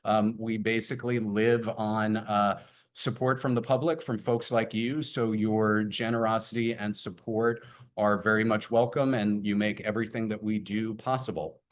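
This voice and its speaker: Halting man presenting a webinar. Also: lowish voice, fairly even intonation. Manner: many filler words, halting. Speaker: program presenter for a preservation group. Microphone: computer mic on a video call.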